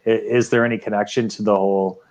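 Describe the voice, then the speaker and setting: A man's voice: on the low side, little pitch movement, fast talker, darkish tone. A man in a casual debate, explaining his point loosely with fillers like um and you know.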